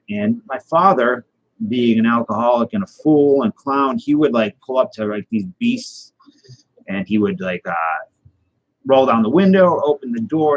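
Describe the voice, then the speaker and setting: A man hosting a casual live stream, rambling through a deadpan tall tale and chatting with viewers. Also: fairly low pitch, slight background noise, poor audio. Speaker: host.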